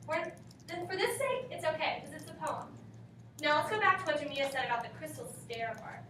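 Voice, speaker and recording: A woman's voice: high voice, lively intonation, a little fast, sharp tone, slight background noise. A woman teaching a class, reading and questioning her students, prompting them for answers. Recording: echoey classroom from far off.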